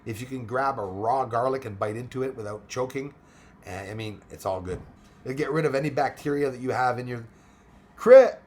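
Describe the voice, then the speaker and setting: Livestream host, male, hoarse, rambling casual chat from home. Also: medium pitch. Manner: rambling, many fillers and restarts. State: hoarse, losing his voice. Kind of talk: casual chat reading viewer comments.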